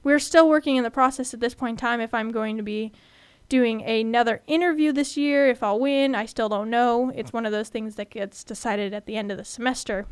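A woman's voice: on the high side, fairly quick, clear, resonant tone, dry recording. A young woman in her twenties from California hosting a student podcast, telling personal stories in a candid, chatty way. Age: 20s. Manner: chatty, candid, animated when retelling.

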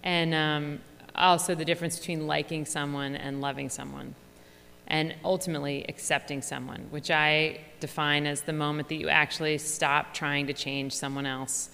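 A woman's voice: sits low, flat delivery, normal speed, vocal fry, bright, forceful tone, long reverb tail, a little hiss or hum. A woman with a Philadelphia accent giving an effusive, chatty, humorous talk to an audience as an author. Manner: effusive, chatty, laughs often. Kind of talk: lively humorous stage talk. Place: large hall before an audience.

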